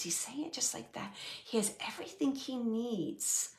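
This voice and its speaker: A woman medium giving a live reading to an audience member, talking in a halting, searching way with soft whispered asides. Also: a little high, creaky.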